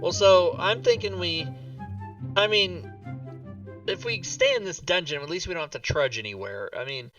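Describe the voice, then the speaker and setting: Man, tabletop player, casual chat, lively, distant mic, faint music. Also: fairly high pitch, normal speed, dull audio. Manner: animated, chatty, hesitant restarts.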